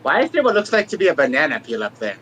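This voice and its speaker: A man's voice: fairly high pitch, big pitch swings, very fast, a bit bright, lo-fi sound, a little hiss or hum. A man playing in a tabletop game, chatty and careful to double-check details. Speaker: player.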